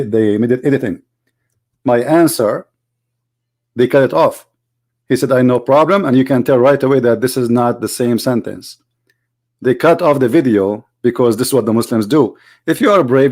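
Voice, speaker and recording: A man's voice: medium pitch, a little mellow. A man on a livestream, commenting on a debate clip with mocking, argumentative rebuttals.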